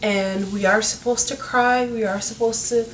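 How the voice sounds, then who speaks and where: A woman's voice: on the high side, steady tone, normal speed. A woman hosting a casual advice talk, speaking earnestly with many filler words. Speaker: YouTube talk host. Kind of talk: casual advice talk while doing her hair. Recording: roomy, from a distance, faint noise.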